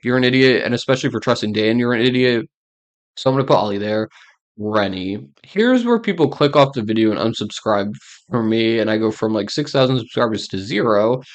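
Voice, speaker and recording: A young man talking casually as a YouTuber, ranking reality show players with blunt, ranting opinions and many fillers. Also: medium pitch.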